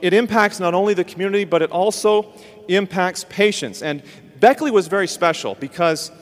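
Brief: high-voiced male host, animated storyteller, long hall reverb. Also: moderate pace. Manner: animated storyteller acting out quotes. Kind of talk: storytelling in a ministry talk.

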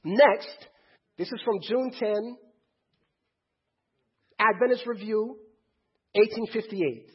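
A man's voice: high voice, takes it slowly, long pauses, slightly rough, dull audio. A man preaching a sermon to a congregation in a church, firing rhetorical questions and calling on the crowd to answer.

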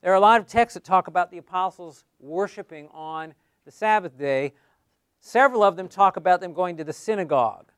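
A man's voice: high-pitched, a little fast, smooth, no room sound, clean studio sound. A man teaching a class on how to give Bible studies, in a conversational way that keeps asking the class questions.

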